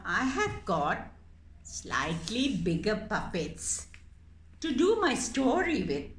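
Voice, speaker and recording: A woman speaks slowly and gently, explaining a paper puppet craft to children in a lively, sing-song voice. Her tone is high and bright, and she is recorded in an echoey room with a faint hum behind her. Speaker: puppet maker and storyteller for children.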